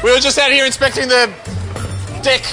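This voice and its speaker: A man loudly selling T-shirts to a crowd on a ship deck, hurried and laughing. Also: very high-pitched, little pitch movement, over music. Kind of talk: loud street-seller patter.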